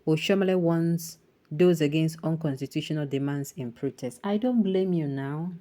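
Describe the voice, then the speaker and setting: A Nigerian-accented woman with a slightly low voice presents news and then turns to heated commentary. She speaks indignantly, throws in Pidgin phrases, and exclaims rhetorical questions. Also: normal speed, warm tone.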